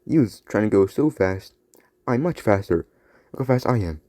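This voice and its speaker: A man's voice: lowish voice, lively intonation, normal speed, dark tone, no echo, clean studio sound, lightly acted. A man voicing a boastful speedster superhero figure in a near-natural voice.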